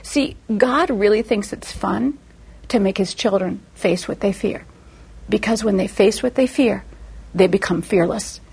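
A woman from Indiana, a guest on a talk show, giving her testimony with lively, humorous storytelling. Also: mid-range voice, a little slow, creaky, husky. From Indiana, USA.

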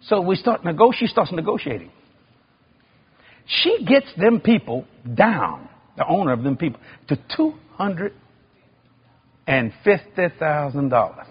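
A man's voice: a little high, very animated, a little slow, pauses often, husky. A middle-aged male preacher, telling a folksy, joking story in a sermon. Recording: dull lo-fi recording.

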